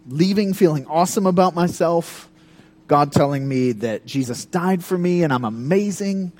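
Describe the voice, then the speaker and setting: A man preaching a sermon in a conversational, animated way, breaking into dramatic scripture readings. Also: a little high. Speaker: pastor.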